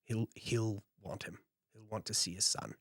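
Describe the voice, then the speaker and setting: A man voicing a calculating male foxtail leader who speaks in a measured, commanding way. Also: on the low side, steady tone, husky, no room sound, clean studio sound. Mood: grave.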